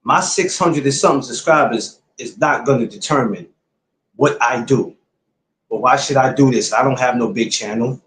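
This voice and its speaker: A man's voice: medium pitch, moderate pace, a bit bright, echoey room. A man hosting his podcast, talking casually and bluntly to his viewers, repeating his points like a lecture. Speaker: podcast host. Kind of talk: casual livestream talk to viewers.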